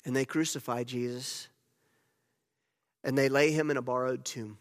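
A male pastor preaching a sermon as a storyteller, with loud emphatic moments and hushed, near-whispered passages. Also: mid-range voice, fairly even intonation, normal speed. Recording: long hall reverb.

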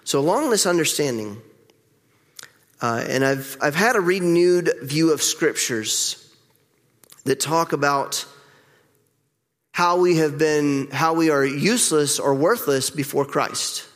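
Middle-aged man, pastor, slightly higher voice, candid sermon delivery, big reverberant church hall. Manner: candid, reflective preaching with pauses. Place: church sanctuary.

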